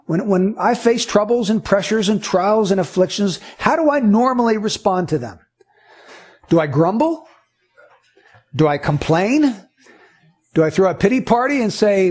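A man's voice: high-pitched, animated, moderate pace, a little mellow. A man preaching a sermon, reading scripture aloud and teaching earnestly through rhetorical questions.

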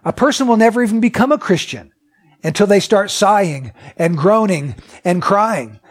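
A man's voice: sits high, animated, moderate pace. A man preaching a sermon. He reads scripture aloud, asks the listeners many questions, and repeats his points with emphasis. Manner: emphatic and repetitive.

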